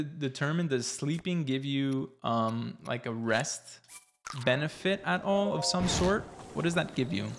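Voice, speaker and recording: A young man live-streaming a game, chatty and excitable, reading chat aloud and reacting playfully. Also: fairly high pitch, a little hiss or hum.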